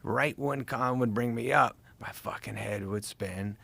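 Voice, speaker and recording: Gravelly middle-aged man telling animated stories. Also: medium pitch, measured pace. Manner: animated storytelling, acts out quotes, heavy swearing. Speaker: podcast guest, comedian and actor. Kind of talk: casual podcast conversation.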